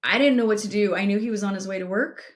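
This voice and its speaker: A middle-aged woman co-hosting a podcast, giving direct advice and telling a painful personal story in an earnest way. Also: medium pitch. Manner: earnest, direct, slows down for emphasis. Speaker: podcast co-host.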